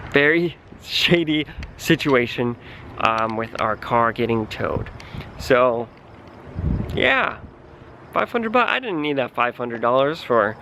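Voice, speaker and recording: A man's voice: mid-range voice, fairly bright tone, a little hiss or hum. A young man vlogging, telling a story in a chatty, dramatic way and often saying "like". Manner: chatty, dramatic, heavy use of "like". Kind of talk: casual storytelling to camera.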